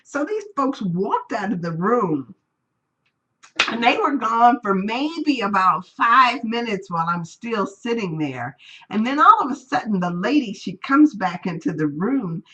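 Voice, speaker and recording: A woman teaches a live-streamed spiritual class, sharing personal stories in a chatty way and acting out the people she quotes. Her voice is a little high and fairly bright, very animated but a little slow, and the sound is lo-fi.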